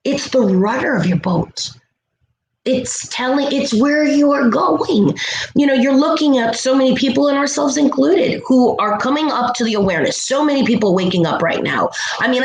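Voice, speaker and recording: A woman giving a motivational self-help talk as a spiritual vlogger, animated and slipping into playful voices for asides. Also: on the high side. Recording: echoey room with faint noise.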